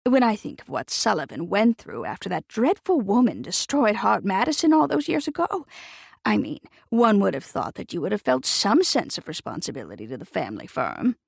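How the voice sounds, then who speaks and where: A woman's voice: mid-range voice, huge pitch swings, normal speed, gravelly, slightly rough, no echo, full character voice. A woman doing a haughty older committee busybody. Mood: pompous. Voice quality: haughty, emphatic and airy.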